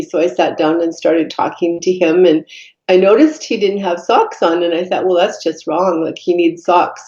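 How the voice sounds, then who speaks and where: A woman, a podcast guest telling her life story in an earnest, reflective way, pausing often with fillers. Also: on the low side, warm tone. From Canada. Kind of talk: personal storytelling in conversation. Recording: dull echoey room recording.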